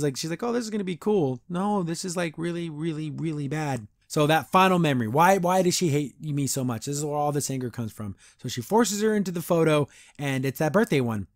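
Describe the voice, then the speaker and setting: A man's voice: fairly high pitch, no room sound, clean studio sound. Chatty, opinionated male podcast host. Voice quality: chatty, opinionated and easily amused. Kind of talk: casual episode review commentary.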